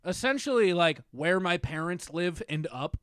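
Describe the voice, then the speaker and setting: Podcast co-host, young man, bright forward tone, rowdy and profane, dry close sound. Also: high-pitched, lively intonation, normal speed, dry recording. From southern New Hampshire. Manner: rowdy, joking, swears a lot. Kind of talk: casual chat.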